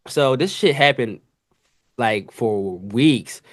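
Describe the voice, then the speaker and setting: A podcast host talking off the cuff, a man with a mid-range voice that neither booms nor squeaks. He tells kitchen stories in heavy slang and keeps jumping into sound effects and quick impressions of coworkers. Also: expressive. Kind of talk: casual storytelling monologue.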